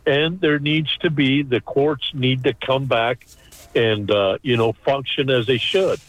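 A man's voice: mid-range voice, fairly even intonation, a little slow, dry recording, poor audio. A man speaking passionately as an activist guest on the radio, with many fillers. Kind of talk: radio interview.

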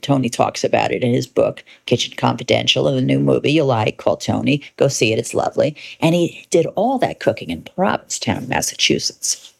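A woman tells a personal story in an animated monologue, brash and emphatic, cursing in playful, inventive ways. Her voice is bass and gravelly.

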